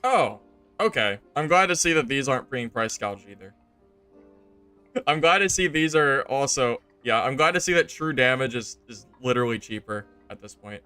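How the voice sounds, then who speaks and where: Young man streaming, smooth and exasperated. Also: lively intonation, moderate pace, faint music behind. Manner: exasperated, joking, jumps to loud high outbursts. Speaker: game streamer. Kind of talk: casual gameplay commentary.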